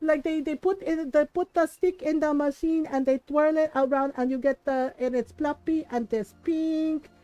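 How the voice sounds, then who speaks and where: A woman's voice: sits high, fairly even intonation, moderate pace, hardly any pauses, warm tone, lightly acted. A woman putting on her mother, an insistent non-native speaker of English who gets exasperated at not being understood.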